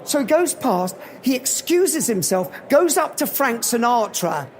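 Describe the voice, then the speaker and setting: A man giving a live motivational talk at an event, telling animated anecdotes. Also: very high-pitched, a little slow, slight background noise. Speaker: motivational speaker.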